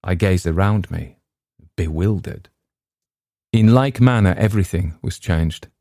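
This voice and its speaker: Deep, gravelly man narrating a classic tale; dramatic, measured, dry studio. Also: warm tone, no echo. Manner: measured, dramatic first-person reading. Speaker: audiobook narrator. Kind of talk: scripted narration of a classic story.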